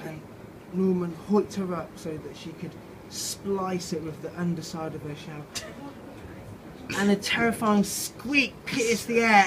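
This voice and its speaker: Slightly drunk man, storytelling, halting and playful, noisy outdoor pub backdrop. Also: high voice. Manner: halting, playful, loose with restarts and swearing. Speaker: author reading his own story. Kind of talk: tipsy storytelling reading. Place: outside a pub.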